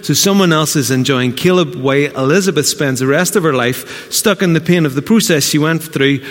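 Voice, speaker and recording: A man with a Northern Irish accent preaching a lively sermon in church, swinging between loud exclamations and hushed asides. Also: a little high, fairly quick. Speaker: pastor. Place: church hall. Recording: long church reverb.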